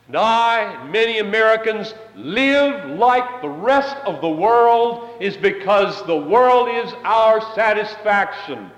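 A high-pitched male preacher delivers an impassioned sermon, his voice leaping up into ringing declarations and dropping into hushed asides. His pitch swings widely as he drives each point home, and a long reverb trails every phrase through the large church hall. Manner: impassioned, rising and falling between loud declarations and hushed asides.

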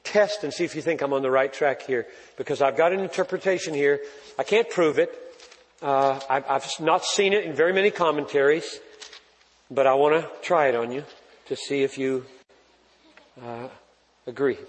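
A man preaching a sermon with passion, rising to loud emphatic peaks and dropping to quiet, intimate asides. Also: medium pitch, normal speed, in a large hall, rough recording. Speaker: pastor.

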